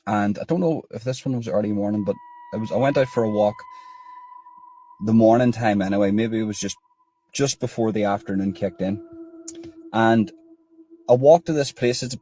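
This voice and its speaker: A man's voice: on the low side, a little mellow, slight background noise. Rambling man in his thirties. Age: 30s. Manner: rambling, with restarts and quoted dialogue. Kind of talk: casual storytelling.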